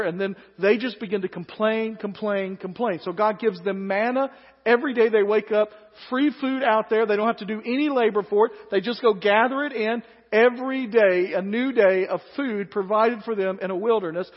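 A male pastor preaching a sermon, moving between hushed, slow passages and loud, emphatic ones. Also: high-pitched, steady tone. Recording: echoey hall, dull lo-fi sound.

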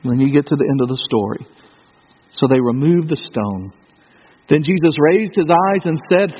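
High-voiced preacher in an echoing hall. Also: male voice, expressive, normal speed, breathy edge, dull audio. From United States. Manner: conversational, rhetorical questions, swings from loud to hushed. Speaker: pastor. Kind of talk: sermon.

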